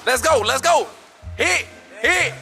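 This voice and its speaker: A young man with a very high voice hosts a rowdy vlog, teasing and shouting at his friends. Loud music plays behind him. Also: lively intonation, takes it slowly. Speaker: vlog host. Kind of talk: rowdy group vlog banter.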